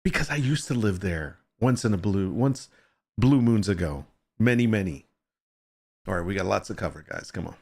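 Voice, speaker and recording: A man's voice: fairly low pitch, expressive, normal speed, darkish tone. Chatty guy running a stream, jokey, voice swings all over. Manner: joking, teasing viewers; chatty, greets chat by name. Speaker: livestream host. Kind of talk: casual livestream chat.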